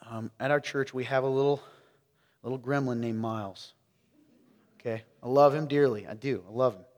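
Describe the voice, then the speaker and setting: A man preaching a sermon in a church, swinging between loud exclaiming and hushed, close talk. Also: mid-range voice, fairly even intonation, moderate pace, big-room sound. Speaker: pastor. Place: church sanctuary.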